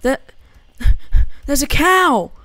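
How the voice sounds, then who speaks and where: A young gamer doing a panicky, squeaky young guy. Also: lively intonation, extremely slow, sharp tone, dry recording, clean studio sound, full character voice. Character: panicky young man in a joke story.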